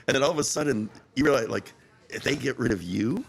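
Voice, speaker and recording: A man's voice: medium pitch, fast, vocal fry, breathy edge. A man who owns a restaurant, guest on a podcast, chatting casually, laughing often and restarting his sentences. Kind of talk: casual chat.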